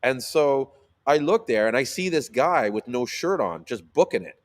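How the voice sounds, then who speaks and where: A man telling a story in casual chat, animated, swearing freely and using lots of fillers. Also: medium pitch, moderate pace. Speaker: sea moss seller.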